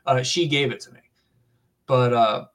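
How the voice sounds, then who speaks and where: A man's voice: medium pitch, unhurried, a bit bright. A man in his twenties with a Southern US accent, chatting casually and rambling with lots of fillers. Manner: rambling, filler-heavy, says dude and man. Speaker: podcast guest. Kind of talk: casual chat.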